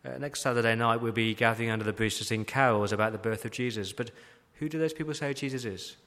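A man's voice: mid-range voice, fast, fairly bright tone. A man preaching a sermon as pastor, emphatic, asking repeated rhetorical questions. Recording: long hall reverb.

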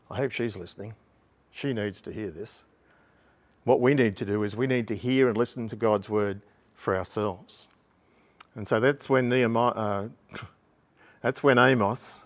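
A man preaching a sermon from the pulpit. He explains the text in a steady, teaching way, with a mid-range voice, and now and then he pauses with an um or clears his throat. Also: mid-range voice.

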